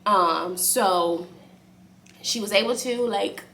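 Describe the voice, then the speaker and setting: A young woman casually telling a story to camera for her vlog, chatty and animated, acting out what others said. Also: medium pitch, slow, slight background noise. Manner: animated, acts out quotes in a raised voice; speaks softly aside to her baby. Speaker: vlogger.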